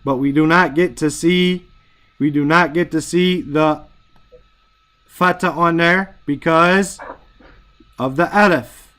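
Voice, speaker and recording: A man teaching a grammar lesson in a fairly high voice. He explains step by step and keeps checking that his students follow. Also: slow pace, pauses often, fairly bright tone. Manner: explains patiently, checks in with "right?" often.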